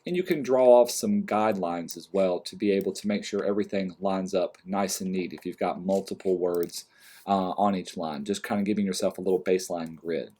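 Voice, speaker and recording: Male design instructor, lowish voice, calm step-by-step tutorial narration, clicks in background. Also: a little fast. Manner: calm step-by-step explaining, trailing off quietly. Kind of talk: screen-recorded software tutorial.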